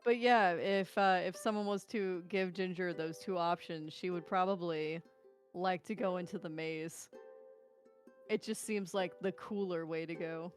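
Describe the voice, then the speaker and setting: A woman playing in a tabletop role-playing game, chatting and telling stories in an animated way. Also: on the low side, faint music behind. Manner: chatty, quick to laugh, animated storyteller. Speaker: player. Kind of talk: casual tabletop game chat.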